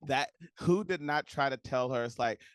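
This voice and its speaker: A man from Texas hosting a podcast, chatty and agreeable, with quick interjections. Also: mid-range voice, smooth, dry recording, clean studio sound. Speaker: podcast host. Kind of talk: casual interview chat.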